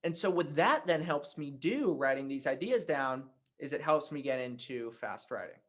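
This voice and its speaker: A man teaching a writing workshop, telling a personal anecdote in a conversational, animated way. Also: on the high side, normal speed. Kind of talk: workshop talk with storytelling.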